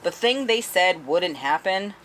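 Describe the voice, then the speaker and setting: Low-voiced woman recapping a book. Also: animated, unhurried, a bit bright, a little hiss or hum. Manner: chatty, profane, laughing as she retells. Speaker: book reviewer. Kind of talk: casual spoiler-filled book recap.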